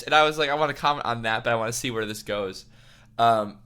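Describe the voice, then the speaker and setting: Gushing excitable man reacting. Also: mid-range voice, quick pace, clear, resonant tone. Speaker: musical writer reacting to a show. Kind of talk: casual reaction commentary.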